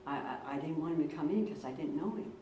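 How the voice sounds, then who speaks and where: A woman's voice: sits low, quick pace, mellow, a little hiss or hum. Distant woman preaching in an echoey church. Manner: earnest storyteller, repeats words for emphasis. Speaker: pastor. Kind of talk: sermon with personal stories. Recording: roomy church, recorded from a distance.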